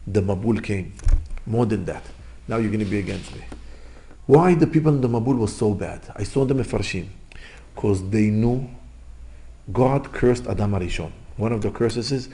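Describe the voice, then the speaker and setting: Gravelly man preaching in broken English. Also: on the low side, warm tone. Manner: emphatic, repetitive, rhetorical questions, broken English. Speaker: religious teacher. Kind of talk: sermon.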